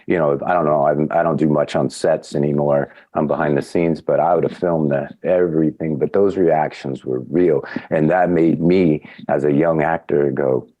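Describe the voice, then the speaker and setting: Deep-voiced man telling an animated story. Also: normal speed, few pauses, dry recording, muffled recording. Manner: animated storyteller, acts out quotes with big pitch jumps. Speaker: podcast guest. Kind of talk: casual anecdote telling.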